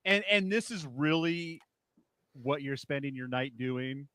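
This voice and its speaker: A man in casual podcast chat, reacting with quick exclamations and laughing easily. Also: medium pitch, lively intonation, pushed and bright, clean tone, no room sound. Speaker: podcast co-host.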